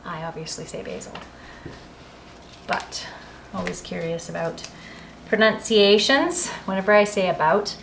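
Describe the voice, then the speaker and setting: A woman's voice: mid-range voice, moderate pace, vocal fry, background noise. A woman with a Canadian accent, chatting casually in a home garden and kitchen vlog, rambling and correcting herself as she goes. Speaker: homesteading vlogger.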